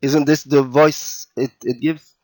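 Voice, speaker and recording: A man teaching a children's language lesson over slides, patient and deliberate, often checking in with "okay?" and restarting his phrases. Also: on the high side, little pitch movement, darkish tone. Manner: patient, repeats and checks in with "okay?" and "all right?"; slow and deliberate, with fillers and restarts.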